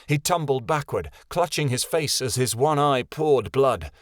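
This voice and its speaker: Male audiobook narrator, mid-pitched, steady storytelling, dry close recording. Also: a little slow, no room sound. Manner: steady storytelling, voices every character. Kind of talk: scripted fantasy narration.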